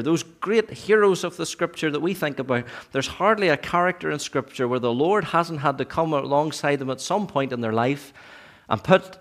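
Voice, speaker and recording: A man preaching a sermon in church, earnest, sometimes rising to emphatic peaks and then dropping low.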